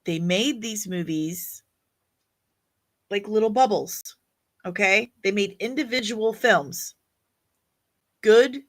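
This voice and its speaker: A woman's voice: medium pitch, fairly bright tone. A woman hosting a casual livestream, chatty and opinionated as she reacts to viewer comments. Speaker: livestream host reading chat.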